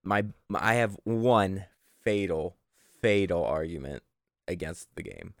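A man's voice: deep voice, unhurried, no room sound, clean studio sound. A young man telling rambling stories in a casual podcast chat, swearing freely. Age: young adult. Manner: rambling, animated storyteller who swears freely.

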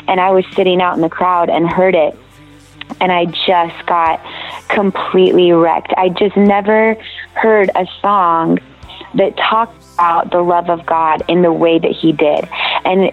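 Earnest woman telling a story. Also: phone-quality sound. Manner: earnest, animated, acts out quotes in high voices. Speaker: worship leader and singer. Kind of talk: casual interview storytelling.

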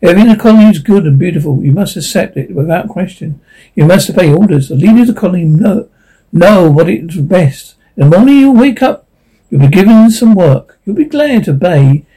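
A man reading a gentle but sinister hypnotic voice that coaxes sleepers into obedience. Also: high-pitched, lively intonation, a little fast, slightly rough, full character voice, low-quality recording. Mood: coaxing. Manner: gentle, coaxing.

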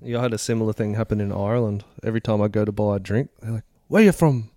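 Fast-talking man from Australia. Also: lowish voice, little pitch movement, mellow, dry recording. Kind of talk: casual conversation.

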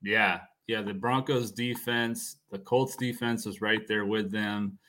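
Low-voiced relaxed male co-host. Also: a little slow. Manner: relaxed, agreeable, short backchannels. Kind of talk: casual sports chat.

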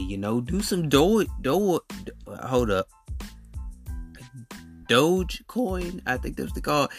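Bright-voiced man ranting on a podcast. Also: medium pitch. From Alabama. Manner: animated, blunt, slangy storytelling. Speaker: podcast host. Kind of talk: solo podcast rant.

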